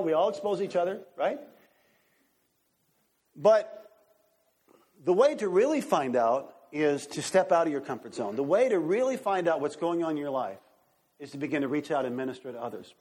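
Excited, husky-voiced preacher man. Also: on the high side. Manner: excited, animated preaching with congregation asides. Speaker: pastor. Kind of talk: sermon.

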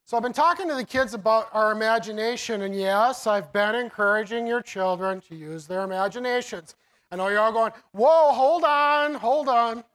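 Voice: medium pitch, brisk, fairly bright tone, low-quality recording. A preacher giving a sermon in a loose, rambling way, with many restarts and frequent laughter. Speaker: preacher teaching about the children's ministry.

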